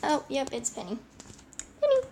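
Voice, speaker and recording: A woman casually showing her game collection over a screen recording, chatty and scattered, talking to her animals and her screen, with a voice that sometimes cracks into squeaks. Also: wildly swooping pitch, moderate pace, mellow, slight background noise.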